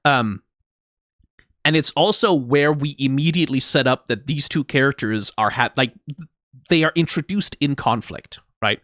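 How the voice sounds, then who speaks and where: Animated man giving casual commentary. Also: mid-range voice, normal speed, dry recording, studio quality. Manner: animated, acts out characters' lines mockingly, swears freely. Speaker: reaction video host.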